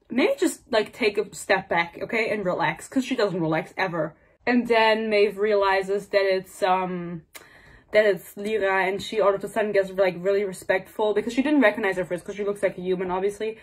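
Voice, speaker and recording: A woman giving a casual, sarcastic book review rant, swearing freely and acting out the characters' lines in quick bits. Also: mid-range voice, breathy edge.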